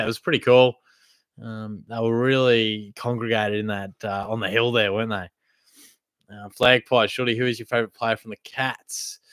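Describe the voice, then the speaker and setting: A man's voice: medium pitch, a bit bright, clean tone, dry recording, studio quality. A man with an Australian accent hosting a livestream, reading out chat questions and answering in laid-back banter. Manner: chatty, laid-back banter with swearing and laughs. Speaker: livestream host.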